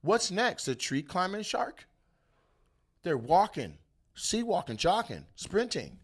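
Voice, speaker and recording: Seorang pria sebagai komedian pembawa acara yang mengomentari berita dengan kasar, penuh umpatan, dan meledak-ledak dengan suara tiruan. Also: male voice, high voice, slow, slightly rough. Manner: animated, profane, jumps into loud bits and mock voices. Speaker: comedian host. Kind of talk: comedic rant on the news.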